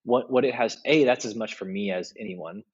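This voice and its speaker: A middle-aged man talks as a podcast guest, husky and fairly low-pitched. The recording is dull and lo-fi. He tells stories in a relaxed, animated way. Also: a little fast. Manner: animated, acts out quoted voices in stories. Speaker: podcast guest, leadership speaker. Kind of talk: casual interview storytelling.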